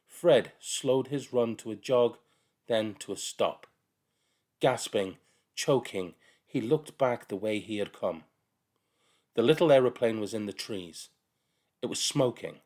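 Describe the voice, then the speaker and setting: Man reading a children's novel, lively. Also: mid-range voice. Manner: expressive storytelling. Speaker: reader.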